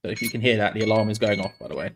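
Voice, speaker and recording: A man co-hosting a casual live stream, self-deprecating and quick to repeat himself as he restarts sentences. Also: on the low side, fairly bright tone, a little hiss or hum. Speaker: co-host.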